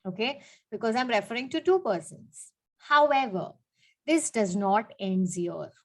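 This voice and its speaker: A woman's voice: a little high, expressive, a little slow, rough recording. A woman teaching grammar, repeating her points and asking questions as she goes. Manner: repeats points, frequent "okay" and "you know". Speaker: English teacher. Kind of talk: explaining grammar with examples.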